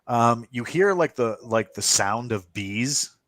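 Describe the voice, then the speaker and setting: A man narrating as game master of a streamed tabletop game, relaxed, with many fillers and easy laughs. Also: medium pitch, takes it slowly, no room sound.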